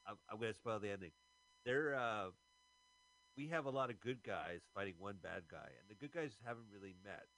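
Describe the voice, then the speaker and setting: A man's voice: lowish voice, expressive, a little fast, fairly bright tone, rough recording. A man casually joking and commenting while watching a movie with his co-host, laughing often.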